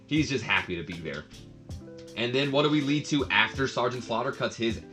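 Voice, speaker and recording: A man's voice: mid-range voice, a bit bright. A man hosting a casual review channel, chatting and rambling with many fillers and the odd laugh. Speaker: wrestling review channel host.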